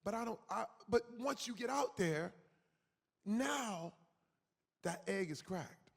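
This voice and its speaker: Man in his forties, conference guest; raised pitch, gravelly edge, lively storyteller, hall echo. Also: slow. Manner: animated, acts out quoted voices, emphatic. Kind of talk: on-stage conversation. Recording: reverberant hall.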